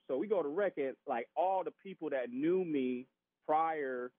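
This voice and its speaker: Man, casual storytelling, animated, acts out voices, tinny phone-line sound, dry. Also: a little high, normal speed, dry recording. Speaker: podcast guest.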